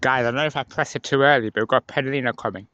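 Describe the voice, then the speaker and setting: A man filming trains from the trackside, chatting excitedly as they pass and swinging between mumbled asides and excited squeals. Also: medium pitch, rapid-fire, no room sound, lo-fi sound. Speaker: trainspotting vlogger. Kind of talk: excited live commentary. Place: outdoors beside a railway line.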